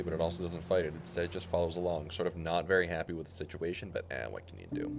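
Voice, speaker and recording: A man's voice: low voice, rapid-fire, creaky, few pauses. A man streaming a game, muttering reactions and reading the game text aloud. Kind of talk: casual gameplay commentary. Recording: game music playing behind voice.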